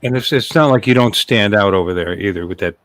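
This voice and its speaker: A man's voice: fairly low pitch, fast talker, a bit bright, no room sound. An older man in his sixties hosting a casual chat, making dry, wry remarks. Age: 60s. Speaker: host.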